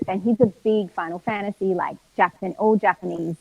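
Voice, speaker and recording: Lively Australian woman telling stories. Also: medium pitch, moderate pace, vocal fry, no room sound, narrow, tinny audio. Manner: lively storyteller, acts out quotes, laughs often. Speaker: voice actor guest. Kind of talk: casual live-stream interview.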